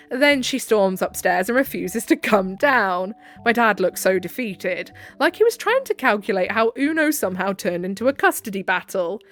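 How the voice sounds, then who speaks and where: A woman's voice: medium pitch, sing-song, unhurried, a bit bright, dry recording. A woman narrating online stories aloud, breaking in with sarcastic asides and frequent laughter. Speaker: story narrator. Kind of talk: reading online stories with commentary.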